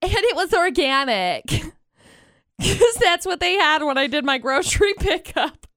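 A woman's voice: high voice, sing-song, a little slow, a bit bright, no echo, clean studio sound. A young woman co-hosting a morning radio show, telling a story in casual banter and laughing as she goes. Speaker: radio co-host.

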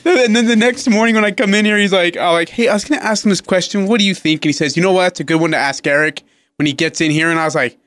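Animated, laughing sports radio man. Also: sits high, rapid-fire, no room sound. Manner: animated storyteller, laughs often, acts out quotes. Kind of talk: casual sports talk.

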